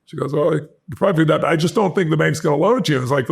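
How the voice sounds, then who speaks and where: As a podcast guest, an American man in his sixties tells a personal story at a racing pace, acting out the dialogue with jumps in pitch. His voice is gravelly and husky.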